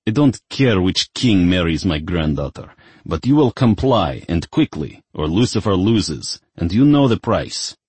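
A man voicing a crotchety old male wizard who is demanding and quick to complain. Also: low-pitched, sing-song, a little mellow, husky, dry recording, full character voice. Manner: snappish, demanding.

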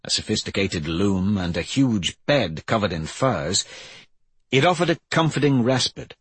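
A man narrating an audiobook in a measured, even reading voice, slightly husky. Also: lowish voice, no echo. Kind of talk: scripted narration.

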